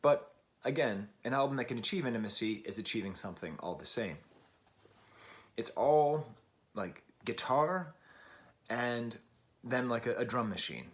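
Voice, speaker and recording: Man from the US, record reviewer, casual, thinking out loud, digressive. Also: mid-range voice, lively intonation, normal speed, pauses often. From United States. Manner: musing, digressive, searching for words aloud.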